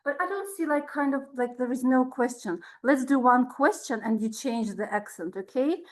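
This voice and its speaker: High-voiced, bubbly woman running a meeting. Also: normal speed. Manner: bubbly, giggly, coaxing. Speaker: meeting facilitator. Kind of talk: lively club meeting chat. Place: public speaking club meeting room.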